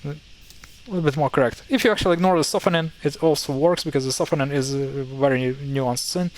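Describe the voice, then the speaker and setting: Ukrainian-accented male tutor, slightly high voice, hesitant, self-correcting, casual. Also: poor audio. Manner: halting, self-correcting, thinks aloud. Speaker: language teacher. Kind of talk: casual explainer.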